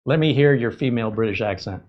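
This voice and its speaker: A man's voice: mid-range voice, lo-fi sound. A male tech show host chatting casually and jokingly, often hesitating with ums and uhs. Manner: hesitant, joking, fills pauses with um and uh. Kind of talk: casual demo chat.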